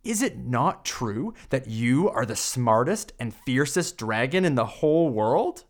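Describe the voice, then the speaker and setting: A man voicing a clever, bold young princess in a read-aloud picture book, sly and flattering. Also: medium pitch, unhurried.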